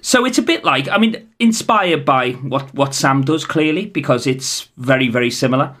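A man's voice: medium pitch, lively intonation, moderate pace, fairly bright tone. A man with a Scouse accent, co-hosting a podcast in casual, rambling chat. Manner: chatty, rambling with restarts. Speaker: podcast co-host.

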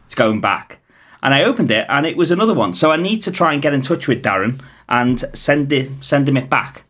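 A man's voice: mid-range voice, lively intonation, fast, a bit bright. A man with a Scouse accent, co-hosting a podcast in casual, rambling chat. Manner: chatty, rambling with restarts. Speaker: podcast co-host.

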